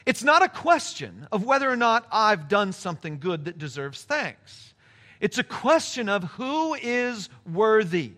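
A man's voice: sits high, sing-song, a little slow, pushed and bright. A man preaching a sermon, telling a story with emphatic, shifting pace. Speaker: pastor.

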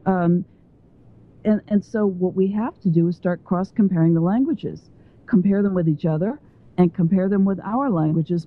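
A woman guest on a phone interview who talks at length and wanders between points as she explains her ideas. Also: lowish voice. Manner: talkative and digressive. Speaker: guest author. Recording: tinny phone line.

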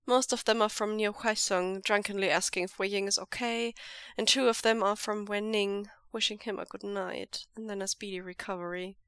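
A woman narrating fan fiction aloud in a steady, measured storytelling read. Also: medium pitch, clean tone, dry recording, studio quality. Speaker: podfic reader.

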